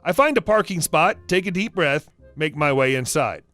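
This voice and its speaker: A man narrating reddit stories aloud, with lively storytelling and acted quotes. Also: fairly high pitch, normal speed, soft background music.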